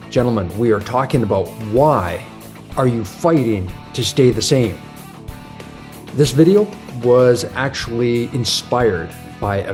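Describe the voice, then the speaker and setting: Earnest, mellow-voiced motivational man. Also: mid-range voice. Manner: earnest, preachy, repeats affirmations. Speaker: motivational host. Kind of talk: motivational video talk.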